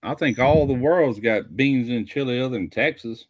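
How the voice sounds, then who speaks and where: A man's voice: mid-range voice, normal speed, a little hiss or hum. A man hosting a casual livestream chat, telling jokes as a folksy storyteller. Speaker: livestream host.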